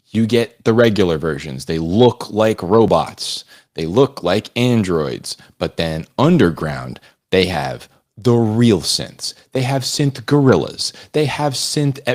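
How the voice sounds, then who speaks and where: A man co-hosting a live podcast with a low-pitched voice. He talks loosely, riffing at length and tossing in "dude" and "bro". The tone stays casual and conversational. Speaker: podcast co-host.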